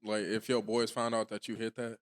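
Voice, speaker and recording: A man chatting on a casual group podcast, self-mocking and quick with a laugh. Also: lowish voice, flat delivery.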